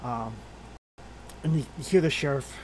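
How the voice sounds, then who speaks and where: A man's voice: medium pitch, moderate pace, a crowd in the background. A man narrating and ruling as game master in a tabletop game, talking with many fillers and restarts.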